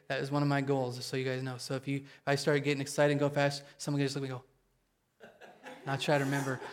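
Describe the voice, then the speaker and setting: Pastor guy preaching, kinda high voice, gets excited and talks quick, keeps asking okay? amen?. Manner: excitable, quick, checks in with the congregation. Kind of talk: sermon.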